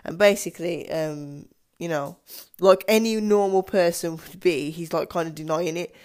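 A woman's voice: lowish voice, normal speed, darkish tone, clear, resonant tone. A woman casually retelling a film's plot, hesitant, with many ums and restarts. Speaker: film discussion vlogger.

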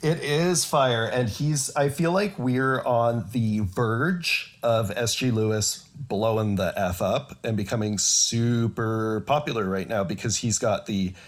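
A man co-hosting a music podcast, chatting casually in a teasing, supportive, relaxed way. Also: medium pitch, slow pace, hardly any pauses. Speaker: podcast co-host.

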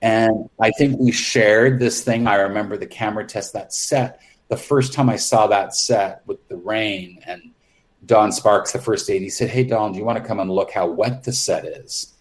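A man's voice: on the low side, moderate pace. A man guest on an interview podcast, candidly recounting his film work in a rambling way with frequent restarts. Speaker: makeup artist guest. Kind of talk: casual interview storytelling.

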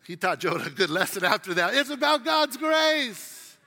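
A man's voice: high-pitched, big pitch swings, normal speed, sharp tone, in a large hall. A middle-aged man preaching a sermon with humor, acting out quotes while telling stories. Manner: humorous storytelling with acted quotes. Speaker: pastor.

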